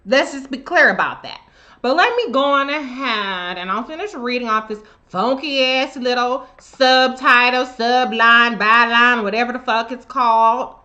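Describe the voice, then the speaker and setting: Woman, bright sharp voice, sassy profane commentary, live stream. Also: fairly high pitch, measured pace, highs cut off. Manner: sassy, emphatic, loose and profane. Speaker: live show host. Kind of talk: profane political commentary monologue.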